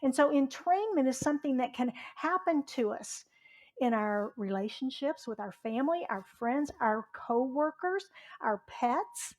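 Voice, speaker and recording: A woman's voice: high voice, animated, unhurried, a little mellow. A middle-aged woman from Southwest Virginia, preaching a chatty sermon as a reverend and asking the congregation questions. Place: church sanctuary.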